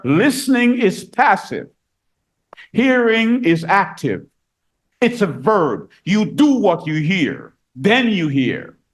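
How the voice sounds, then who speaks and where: A man preaches a sermon, reading scripture aloud and explaining it. He repeats key phrases and pushes his voice higher and louder for emphasis.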